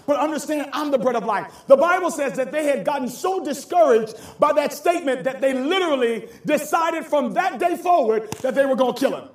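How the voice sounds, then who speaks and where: High-voiced preacher shouting in an echoey hall. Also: male voice, a little fast, hardly any pauses, slight background noise. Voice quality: animated, slangy, shouting for emphasis. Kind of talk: sermon.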